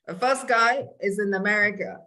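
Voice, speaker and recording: A woman's voice: mid-range voice, normal speed, sharp tone. A woman guest on a Zoom call, answering questions about her network marketing work in a casual, plain-spoken way, with hesitant fillers. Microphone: video call.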